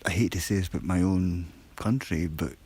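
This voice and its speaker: A man on a live stream, chatting casually and quietly to viewers during a break from his shift, rambling and poking fun at himself. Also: low-pitched, fairly even intonation, a little fast, breathy edge, rough recording. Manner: rambling, chatty, self-deprecating; talking quietly. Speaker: livestreamer on a work break.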